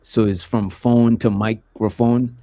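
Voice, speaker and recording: Man, gravelly voice, dry close mic, casual livestream host, rambling filler-heavy talk. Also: medium pitch, flat delivery, slow pace, mellow, dry recording. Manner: loose, rambling, with frequent "you know what I'm saying".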